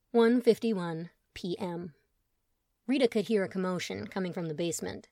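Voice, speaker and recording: A woman narrating a story audiobook in an expressive, wry manner. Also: medium pitch, normal speed, no room sound, clean studio sound.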